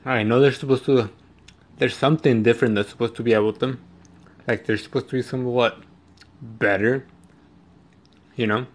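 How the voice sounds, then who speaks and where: A man's voice: medium pitch, fairly even intonation, normal speed, long pauses. A young man telling a story casually, rambling, laughing often and swearing, while snacking. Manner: eating while talking. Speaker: vlogger.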